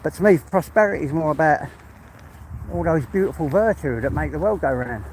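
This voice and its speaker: Brief: English man, walk-and-talk vlogger, out of breath, chatty and heartfelt, slightly higher voice, faint outdoor hiss. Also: lively intonation, fairly quick. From England. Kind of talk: casual walk-and-talk monologue.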